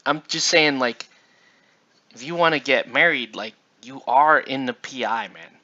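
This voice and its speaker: A tired man talks casually while he paints, drifting from point to point and restarting his sentences. His voice is bright and forceful. The recording is dull and lo-fi. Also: mid-range voice, a little slow. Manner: rambling, many fillers and restarts. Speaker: miniature painting channel host.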